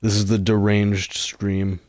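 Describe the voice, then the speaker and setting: A man streaming a game live, rambling and goofy in a deadpan way. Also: on the low side, slow pace, no echo.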